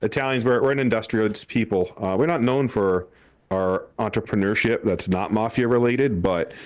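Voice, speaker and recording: A man's voice: on the low side, normal speed. A young man doing a stand-up comedy set on a club stage, telling family stories with acted-out quotes and frequent laughter.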